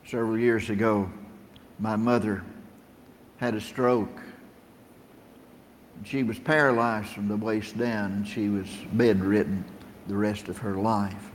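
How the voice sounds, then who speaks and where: Preacher with a long hall echo. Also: male voice, fairly low pitch, fairly even intonation, a little slow, long pauses, a little hiss or hum. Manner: plain-spoken, storytelling, rising emphasis on scripture. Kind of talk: sermon. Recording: long reverb of a large room.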